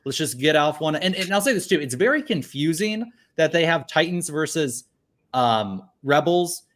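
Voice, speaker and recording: A man's voice: a little high, expressive, moderate pace, fairly bright tone. A man co-hosting a casual recap chat, rambling and laughing often. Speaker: podcast co-host.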